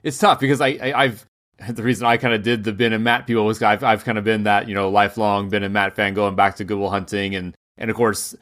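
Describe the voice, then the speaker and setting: A man co-hosting a film podcast in casual chat, rambling with frequent restarts and quick laughs. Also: fairly low pitch, flat delivery, fairly bright tone. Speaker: podcast co-host.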